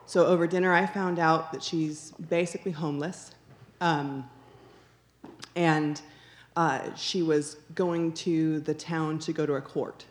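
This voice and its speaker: Her voice low-pitched, steady and a little slow, a woman from the church gives her personal testimony. She recounts it earnestly, voicing the dialogue herself and repeating phrases to stress them.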